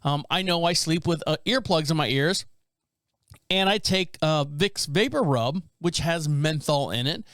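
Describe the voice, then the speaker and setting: A man's voice: fairly high pitch, lively intonation, unhurried, a bit bright, no echo. A middle-aged man hosting a podcast from a small studio, telling rambling stories in casual chat and laughing often. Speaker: podcast host.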